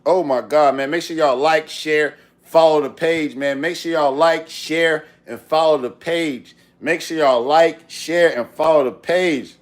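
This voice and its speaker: A man on the high side of pitch talks a little slowly with fairly even intonation while cooking live in his home kitchen. As a cooking and motivation streamer, he's upbeat and preachy with his chat, repeating his phrases, and the roomy space adds faint ambience.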